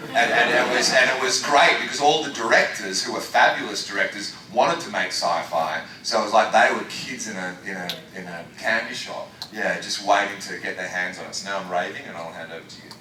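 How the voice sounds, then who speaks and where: A man's voice: on the low side, a little fast, hardly any pauses, background noise. An Australian man talking about his acting work on a convention panel, rambling with lots of restarts. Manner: rambling, enthusiastic, many restarts. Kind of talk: casual panel talk. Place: large convention hall. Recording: echoey hall recorded from far off.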